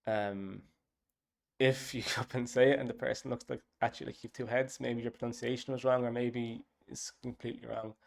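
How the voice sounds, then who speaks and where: A man's voice: mid-range voice, level tone, normal speed, creaky. A man, casually talking through his app's design and thinking aloud with lots of fillers. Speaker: app developer. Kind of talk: casual dev log talk.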